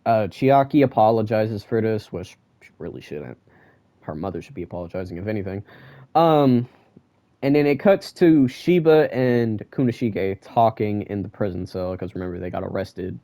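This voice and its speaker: A young man giving a casual manga chapter review, ranting and excitable and full of slang. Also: on the low side, moderate pace, no echo.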